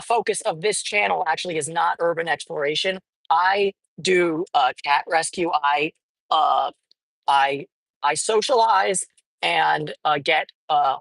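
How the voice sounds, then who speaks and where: A woman's voice: medium pitch, fairly bright tone, husky, no echo, poor audio. A woman vlogging casually while driving, rambling with lots of fillers and swearing now and then inside a car. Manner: rambling, profane, many fillers.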